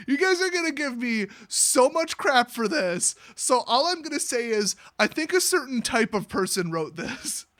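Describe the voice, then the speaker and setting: A man's voice: very high-pitched, fairly bright tone. A man mockingly recapping a fantasy story, with crude, sarcastic jokes. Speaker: host.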